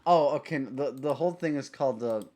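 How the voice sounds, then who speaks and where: A man talks a little fast in a mid-range, darkish voice while chatting casually on a live stream. He giggles, rambles, and often abandons sentences halfway through.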